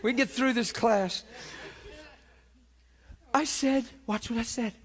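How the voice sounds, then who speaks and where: A man's voice: extremely high pitch, slow, husky. A middle-aged man preaching a storytelling sermon, acting out voices and crying out in places. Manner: animated, acts out voices and cries out.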